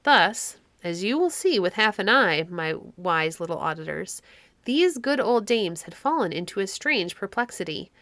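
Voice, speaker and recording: A woman reading a children's classic story aloud, with expressive narration. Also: medium pitch, moderate pace, no echo.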